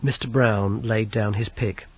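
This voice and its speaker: A man reads an audiobook in a measured storytelling manner, his voice slightly husky. The sound is dry with no room around it and comes across dull and lo-fi. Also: lowish voice, fairly even intonation, no room sound. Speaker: audiobook narrator. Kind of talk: scripted narration.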